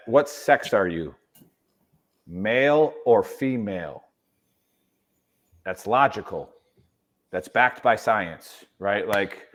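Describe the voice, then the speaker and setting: A male veteran on a casual podcast telling a story with emphasis, often adding "right?" to push his points. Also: fairly low pitch. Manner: emphatic, rhetorical "right?" tags.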